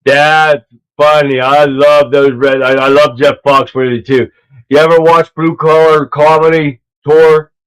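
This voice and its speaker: Loud, rambling livestream host, man. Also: on the high side, little pitch movement, unhurried, clean tone, low-quality recording. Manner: loud, rambling, laughs at his own clips. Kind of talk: casual livestream commentary. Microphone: earpiece mic.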